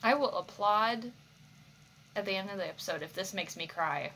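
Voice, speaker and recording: A woman hosting an anime reaction, talking back to the screen in an expressive way and swearing freely. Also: medium pitch, normal speed, soft background music. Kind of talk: reaction commentary.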